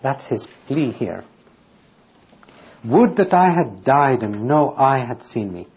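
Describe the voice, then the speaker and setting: Husky man teaching scripture, lo-fi. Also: mid-range voice, sing-song, slow pace. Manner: reads scripture aloud, then explains it plainly. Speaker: Bible teacher. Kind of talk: verse-by-verse Bible commentary. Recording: dull lo-fi recording.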